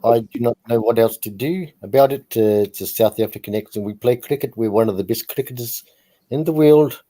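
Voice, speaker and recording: A man's voice: mid-range voice, a little fast, warm tone, close to an everyday voice. A man putting on a joking, exaggerated South African accent. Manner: jokey, exaggerated delivery.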